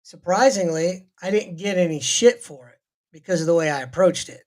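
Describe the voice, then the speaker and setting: A man's voice: high voice, normal speed. Blunt man in casual podcast chat. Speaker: podcast co-host.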